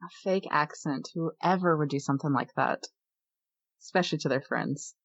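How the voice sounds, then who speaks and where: A woman's voice: low-pitched, moderate pace, vocal fry, husky, lo-fi sound. A woman playing a tabletop game, wry and teasing. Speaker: player. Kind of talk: tabletop role-play chat.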